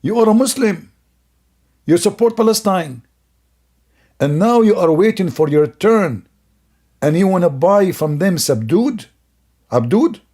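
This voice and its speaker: A man's voice: sits high, animated, unhurried, pauses often, a little mellow. A man giving sarcastic, scornful commentary on a video, laughing often as he mocks it.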